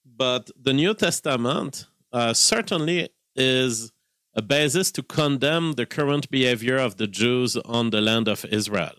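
A man's voice: medium pitch, a little slow, fairly bright tone, clean tone, dry recording, studio quality. A man commentating casually on a live stream, reacting to clips in a rambling, heated way and repeating his points.

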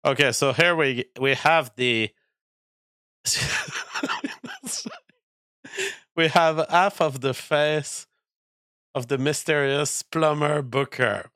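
A man's voice: fairly high pitch, slow, bright, forceful tone, dry recording, clean studio sound. A man streaming, reacting to clips with profane rants. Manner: ranting, profane.

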